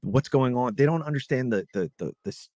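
Male podcaster, mid-pitch, ranting loosely with lots of "like" and swearing; dry, close sound. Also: lively intonation, fairly quick, warm tone, no room sound. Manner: profane, rambling rant with many fillers and restarts. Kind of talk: casual political chat.

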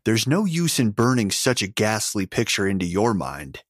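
A loyal young man who pleads in an urgent, hushed voice, as voiced by a male narrator. The voice sits low, and the close, dry recording keeps it intimate. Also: very animated, moderate pace, no room sound. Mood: pleading, urgent.

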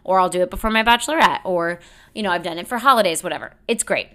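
A young woman talks to her podcast listeners in a loose, rambling monologue. Her voice sits a little low for a woman. She is self-deprecating, laughs often and keeps piling on filler words. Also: fast, sharp tone. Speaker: podcast host. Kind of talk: casual solo podcast monologue.

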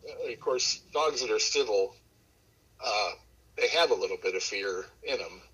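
A man who breeds dogs, talking as an interview guest in a relaxed, rambling way, with plenty of fillers and restarts. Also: on the low side, moderate pace, husky, rough recording. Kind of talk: casual storytelling in an interview.

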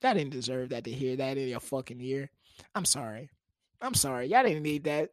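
A man's voice: mid-range voice, moderate pace, dry recording. A young man hosting a casual solo podcast, joking crudely and laughing often, close to the mic. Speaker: podcast host. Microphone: close studio mic.

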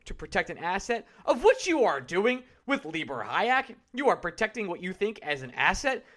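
A man co-hosting a sports podcast, ranting in animated bursts and repeating points for emphasis. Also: sits high. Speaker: podcast co-host. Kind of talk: casual sports chat.

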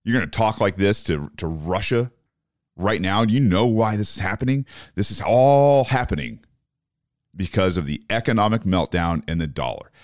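A man's voice: low voice, lively intonation, fairly quick, no echo, studio quality. A man hosting a political podcast, ranting in profane disbelief about current events. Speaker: podcast host. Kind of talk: opinionated political commentary.

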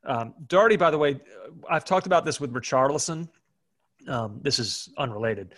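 A man co-hosting a football podcast, relaxed and hesitant with many filler words. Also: mid-range voice, normal speed. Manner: relaxed, hesitant, lots of ums. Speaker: podcast co-host. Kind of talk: casual football chat.

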